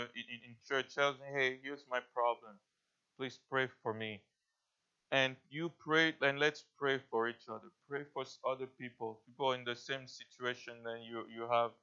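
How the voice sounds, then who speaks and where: A male pastor preaching a sermon in an earnest, halting way, often restarting his sentences. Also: medium pitch, fairly even intonation, sharp tone, smooth. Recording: dull lo-fi recording.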